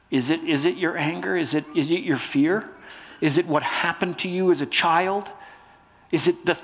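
A male pastor preaching a sermon with a stuffy nose, swinging between loud emphasis and soft hushed lines. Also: a little high.

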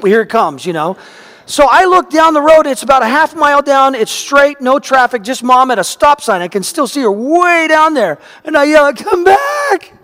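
A pastor preaching a sermon, telling a personal story in an animated way, his voice climbing and getting loud at the dramatic moments. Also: very high-pitched. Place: church sanctuary. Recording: long reverb of a large hall.

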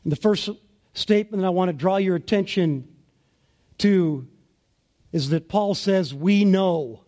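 Slow, emphatic high-voiced preacher man. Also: warm tone. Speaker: pastor. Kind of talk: sermon.

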